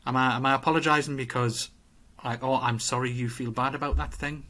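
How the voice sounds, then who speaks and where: A man's voice: mid-range voice, fairly even intonation, fairly quick, sharp tone. Reflective, rambling man. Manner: reflective, rambling, self-questioning with many restarts. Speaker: podcast co-host. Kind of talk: casual chat.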